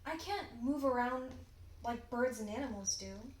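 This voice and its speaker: This is a sick, gentle young cactus boy, acted out by a teenage girl reading a storybook. He sounds high and small, and his pleas come out plaintive and soft. The room around the voice is echoey. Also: measured pace, distant mic, lightly acted. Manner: plaintive, pleading.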